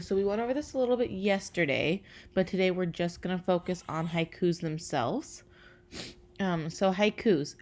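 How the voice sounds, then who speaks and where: A woman teacher recording a lesson for her class, talking casually with many fillers and slowing down to count syllables aloud. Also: fairly low pitch.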